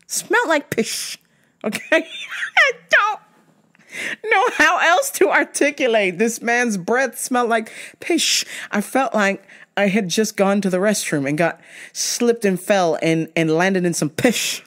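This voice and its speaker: A woman's voice: fairly high pitch, lively intonation, measured pace, a bit bright. A woman podcast host telling comic stories in a profane, exasperated way. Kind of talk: comic storytelling.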